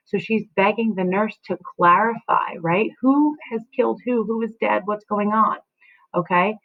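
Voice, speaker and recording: A woman's voice: medium pitch, moderate pace. Brief: a woman teacher talking a class through a scene, mid-range voice, narrow lo-fi audio. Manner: checks in with "right?" and "okay?". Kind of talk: explaining a play to students. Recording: phone-like lo-fi audio.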